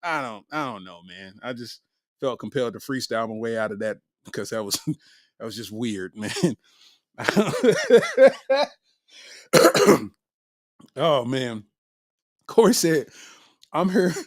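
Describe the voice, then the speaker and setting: A man's voice: mid-range voice, sing-song, slow, long pauses, dry recording, clean studio sound. A man hosting a comedy podcast, riffing casually in heavy slang and laughing constantly between lines. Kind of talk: casual comedic chat reacting to viewer comments.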